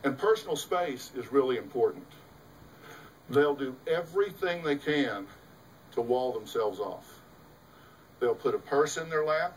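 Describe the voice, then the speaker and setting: A man's voice: medium pitch, expressive, measured pace, long pauses, far from the mic, slight background noise, poor audio. A middle-aged man, a host and psychologist, giving an emphatic, folksy talk to an audience, full of rhetorical questions. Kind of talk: lecture to a live audience.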